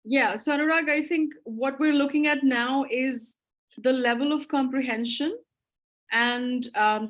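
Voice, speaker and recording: Calm explaining woman instructor, slightly high. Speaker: course instructor. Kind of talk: live online class Q&A.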